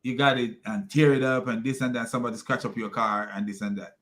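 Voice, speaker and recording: Bright-voiced mocking male commentator. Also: mid-range voice, steady tone, fast talker. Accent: non-native English. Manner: scornful, frequent laughter. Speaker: video commentator.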